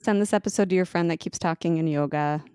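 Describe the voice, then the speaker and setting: A woman's voice: fairly low pitch, fast, mellow, smooth, no room sound, clean studio sound. A woman co-hosting a podcast, chatting casually in an agreeable way with lots of fillers. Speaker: podcast co-host. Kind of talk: casual chat.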